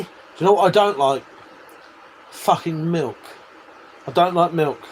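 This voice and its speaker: This fairly high-pitched male voice belongs to an Englishman in his forties chatting on a live stream, where he laughs, swears and banters while reading viewer comments. There's a bit of hiss or hum in the recording.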